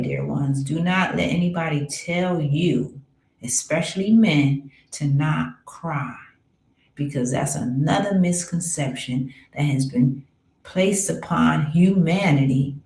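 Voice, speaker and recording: A woman giving a slow, affirming spiritual talk, with soft murmured asides. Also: low-pitched, reverberant, rough recording. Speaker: spiritual coach.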